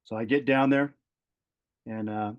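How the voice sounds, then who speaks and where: Middle-aged retired fire captain as podcast guest, earnest and halting, retells events with repeated starts. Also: male voice, mid-range voice, fairly even intonation, narrow, tinny audio. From Southern California. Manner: earnest, halting, repeats words as he gathers thoughts. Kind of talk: personal storytelling in an interview.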